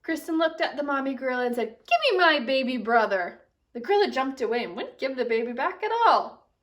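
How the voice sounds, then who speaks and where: Young female teacher, lively read-aloud, lightly distant home recording. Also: high voice, fast talker. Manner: animated storytelling with expressive character voices. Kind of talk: reading a picture book aloud to children.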